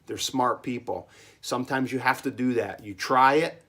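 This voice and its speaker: A man's voice: mid-range voice, normal speed, a bit bright. Emphatic man rambling in his cellar. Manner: emphatic, rambling, keeps checking in with "okay?". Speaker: small business owner giving advice. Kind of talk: casual monologue vlog. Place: home cellar.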